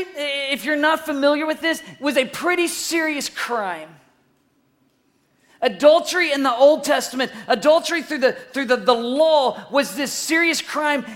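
A high-voiced preacher tells a story in an energetic sermon, swinging between loud bursts and hushed asides while asking the listeners questions.

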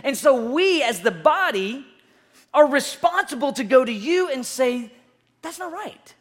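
A woman youth pastor preaching in a loose, conversational way to young listeners. Her talk is relaxed and everyday, with frequent restarts as she builds a point. She acts out the voices of the people she describes to make her points land. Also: sits high, measured pace. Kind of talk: sermon.

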